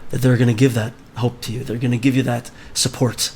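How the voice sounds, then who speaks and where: A man's voice: mid-range voice, flat delivery, a little fast, darkish tone, slight background noise. A man leading a book club, reading a story aloud and explaining it conversationally, often checking in with his listeners.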